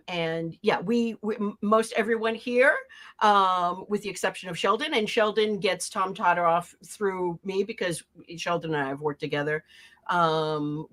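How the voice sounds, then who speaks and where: A woman's voice: lowish voice, fairly bright tone. Female variety host, teasing and stammering through improv banter.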